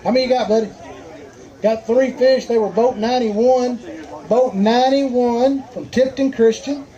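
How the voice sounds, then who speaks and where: A man's voice: very high voice, steady tone, measured pace, dark tone, dull audio. A man with a Southern US accent emceeing a live outdoor fishing tournament weigh-in, with folksy, joking crowd banter.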